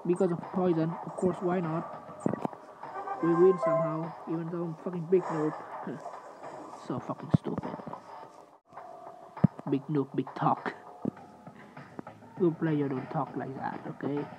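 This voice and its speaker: A man giving sleepy, swear-filled gaming commentary, trash-talking opponents and mocking himself, with loud game noise underneath. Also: on the high side, steady tone, moderate pace. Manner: sleepy, swearing trash talk with self-mockery. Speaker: gamer. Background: loud game sounds.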